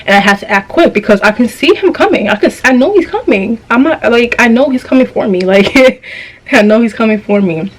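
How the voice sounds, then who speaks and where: A woman's voice: on the high side, lively intonation, a little fast, low-quality recording. Chatty young woman telling a story. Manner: chatty, slangy and profane, with frequent restarts. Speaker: vlogger. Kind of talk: casual storytime monologue.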